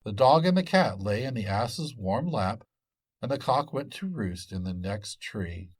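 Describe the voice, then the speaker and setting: A man narrating a folk tale in an expressive storytelling manner. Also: lowish voice, a little slow, breathy edge. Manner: expressive and lively.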